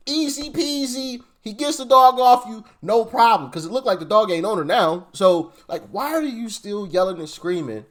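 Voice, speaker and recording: A man with a fairly high voice delivers casual reaction commentary, swooping up and down in pitch as he reasons aloud. His speech is slangy and animated, and he talks straight to the viewer.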